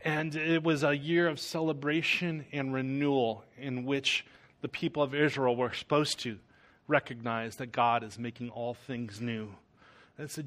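A man's voice: medium pitch, steady tone, measured pace, a bit bright. A man preaching a sermon, telling a personal story in an earnest, conversational way. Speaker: pastor.

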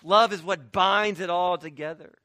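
A man's voice: sits high, normal speed, bright, forceful tone, no room sound, studio quality. A man preaching a sermon as pastor, emphatic, with restarts and quoted asides.

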